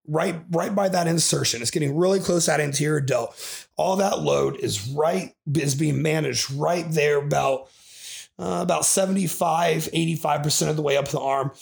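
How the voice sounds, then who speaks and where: A man's voice: a little high, creaky. A man hosting a podcast as a bodybuilding coach, ranting in an aggressive, profane way and swearing constantly.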